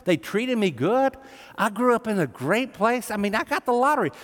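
A man's voice: sits high, big pitch swings, normal speed, a bit bright. A man preaching a sermon to a congregation, talking in an emphatic, conversational way. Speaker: pastor. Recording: long hall reverb, live sermon.

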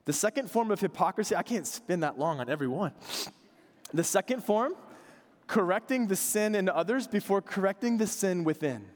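Male preacher, thirties, animated conversational sermon, lively pitch, reverberant hall. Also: normal speed. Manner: animated, conversational preaching with quiet earnest asides. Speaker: pastor.

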